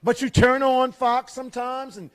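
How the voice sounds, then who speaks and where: A middle-aged man with a notably high speaking voice delivers a fiery, preachy rally speech at a fairgrounds event. He fires off rhetorical questions and drops from loud to hushed for emphasis. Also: fairly even intonation, moderate pace, clear, resonant tone.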